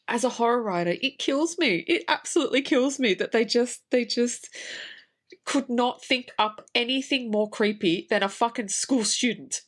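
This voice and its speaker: A woman's voice: a little high, fairly bright tone. A woman, a horror writer, co-hosting a podcast and ranting about a film, swearing heavily in casual chat. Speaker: podcast co-host. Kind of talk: casual movie review chat.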